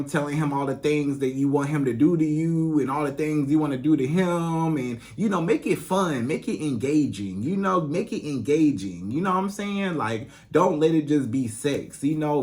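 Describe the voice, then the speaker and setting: A man's voice: on the high side, darkish tone. A man working as a relationship coach, giving casual advice straight to his female viewers in a loose, chatty way full of "you know". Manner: addresses female viewers directly. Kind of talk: casual advice monologue to camera.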